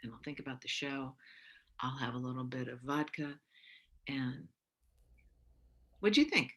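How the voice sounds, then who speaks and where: A woman playing a bright, rambling overthinker. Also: rumbling low, lively intonation, measured pace, heavily acted. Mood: brooding. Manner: rambling, trails off, many fillers. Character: evasive, overthinking woman, a computer scientist. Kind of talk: live improvised romantic comedy scene. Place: theatre stage.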